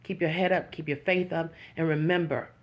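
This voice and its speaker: A woman speaks directly to her viewers in a slightly low voice. Her talk is earnest and heartfelt, rising into preaching encouragement. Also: steady tone, fairly quick, lo-fi sound. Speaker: YouTube channel host. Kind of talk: emotional direct-to-camera talk.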